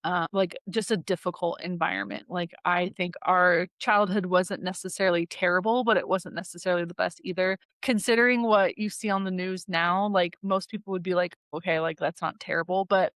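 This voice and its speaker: A woman's voice: on the low side, steady tone, a little fast, few pauses, a bit bright, no room sound, clean studio sound. A woman in her thirties chatting casually on a podcast, telling stories with lots of fillers and quoted voices. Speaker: podcast guest, daughter. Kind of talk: casual storytelling chat.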